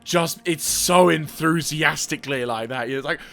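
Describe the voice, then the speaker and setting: Excitable bright-voiced male gamer. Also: fairly high pitch, moderate pace, creaky, faint music behind. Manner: excitable, barks orders at troops, swears. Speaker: gaming channel host. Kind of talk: let's-play commentary.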